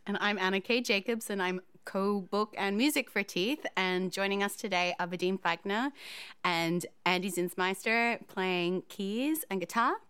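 A woman being interviewed on a podcast as a composer, friendly and a bit halting. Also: mid-range voice, a bit bright, smooth, no echo.

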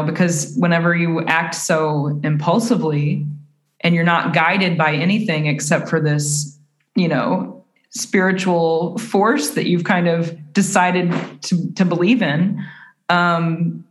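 A woman's voice: on the low side, steady tone, unhurried. A woman guest on a podcast, talking casually and thoughtfully, with hesitant restarts and fillers. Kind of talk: casual chat. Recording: echoey room.

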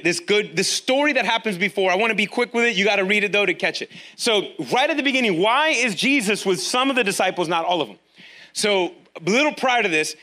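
A man preaching a sermon in a casual, energetic, conversational way, with slang and quick asides. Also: sits high. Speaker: pastor.

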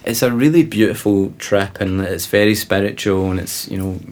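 A man, a guest on an interview podcast, telling lively travel anecdotes in a casual way with laughing asides. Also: on the low side, moderate pace, a little hiss or hum. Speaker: interview guest, presenter and explorer. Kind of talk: casual storytelling.

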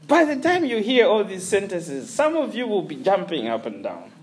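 Casting: male preacher, very high voice, sermon storytelling, chuckling. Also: normal speed, noisy background. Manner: animated storytelling with frequent chuckles and restarts.

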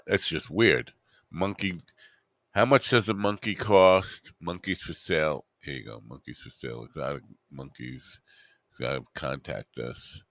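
A man's voice: extremely low pitch, unhurried, creaky, a bit bright, no echo, studio quality. A man hosting a podcast alone, rambling and muttering to himself with wry asides. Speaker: podcast host.

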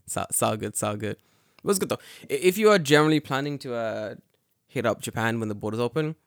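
A young man chatting casually on a podcast, telling a story with lots of swearing and acting out the quotes with sudden loud, high jumps in his voice. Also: quick pace, gravelly, dry recording, clean studio sound. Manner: animated, swearing, acts out quotes with big jumps in pitch. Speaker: podcast co-host.

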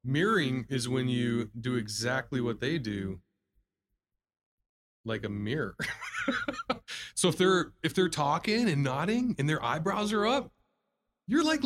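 Man, casual chat, animated, acts out customers, quick laughs. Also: a little high. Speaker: podcast co-host, salesman.

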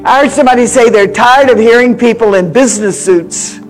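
Elderly woman preacher, high-pitched, storytelling, moving from loud exhortation to near-whisper. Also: fairly quick, soft background music. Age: 80s. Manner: swings from loud exhortation to hushed confiding. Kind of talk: sermon with personal stories.

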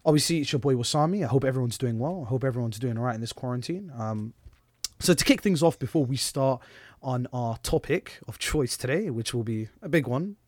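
A young man with a London accent hosting a casual podcast chat, playful and excitable, quick to laugh and cut in. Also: medium pitch, no room sound, clean studio sound. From England. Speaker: podcast host.

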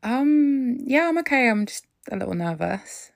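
Actress as a jittery young woman, slightly high voice, hesitant. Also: measured pace. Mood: nervous. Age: young adult. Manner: hesitant and soft, breaking into panic. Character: nervous young woman in danger.

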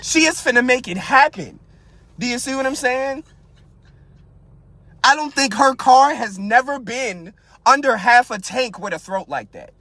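Bright-voiced man ranting on a podcast. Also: very high voice, unhurried, pauses often, dry recording. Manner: crude, animated, keeps asking rhetorical questions. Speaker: podcast host. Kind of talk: casual comedic rant. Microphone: podcast mic.

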